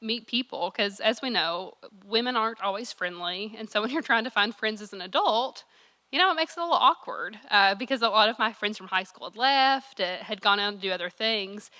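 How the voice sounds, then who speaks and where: A young woman speaks with a Kentucky accent and a bright, forward tone. She gives a keynote at a summit in a candid, chatty way, poking fun at herself. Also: mid-range voice, brisk. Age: young adult. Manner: candid, chatty, self-deprecating, with laughs. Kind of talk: personal speech at a summit.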